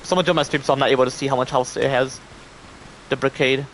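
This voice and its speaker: A young man live-streaming a game, chatting with his viewers and reacting with loud, profane outbursts. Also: medium pitch, steady tone, quick pace, slight background noise. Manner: profane, talks to chat, reacts loudly. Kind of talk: casual live-stream gaming commentary.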